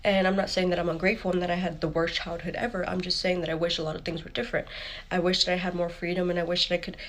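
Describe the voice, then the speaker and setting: A woman's voice: on the low side, little pitch movement, very fast. A young adult woman telling a personal story in a casual, candid way, swearing freely and quoting people as she goes. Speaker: storytime creator.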